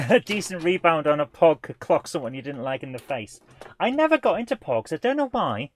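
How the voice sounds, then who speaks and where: A man in his forties hosts a live retro gaming show, chatting casually in a rambling, self-deprecating way with chuckles. His voice is fairly high and sing-song, and he talks fairly quickly.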